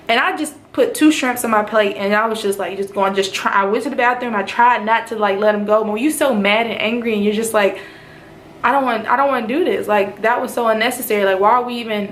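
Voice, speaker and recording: A woman from North Carolina shares her experience in a casual vlog, speaking at a middle pitch. She retells events in an animated way and jumps into voices when she quotes others. The room adds a noticeable echo, with faint noise underneath. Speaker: nurse in officer training.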